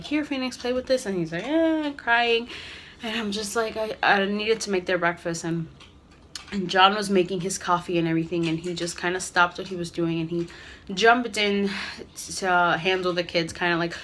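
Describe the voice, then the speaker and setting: A mother talks to her camera at home in a loose, rambling way, full of fillers and restarts. Her voice sits in a middle pitch. A faint hum of household noise stays underneath. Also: a bit bright. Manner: rambling, candid, many fillers. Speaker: vlogger, mother. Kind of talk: casual talk to camera. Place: home living room.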